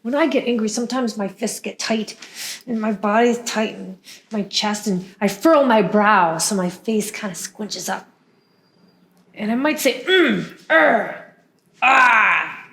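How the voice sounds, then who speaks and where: A woman songwriting teacher leading a gentle lesson for young children, in sing-song, encouraging teacher talk with playful vocal sounds. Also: medium pitch, normal speed, roomy sound. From United States.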